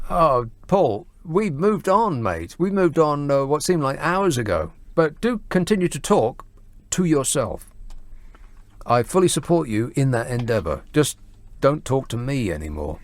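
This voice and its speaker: A man's voice: mid-range voice, very animated, unhurried, no echo. A man hosting a late-night radio phone-in, talking with dry sarcasm. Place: radio studio. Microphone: studio mic.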